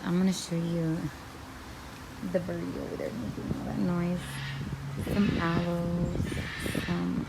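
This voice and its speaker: Slow, gravelly-voiced woman vlogging outdoors. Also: lowish voice. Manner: chatty, thinking aloud, self-correcting. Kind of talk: casual walk-through vlog. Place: outdoor plant nursery with a bird area. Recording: loud outdoor noise with birds and traffic.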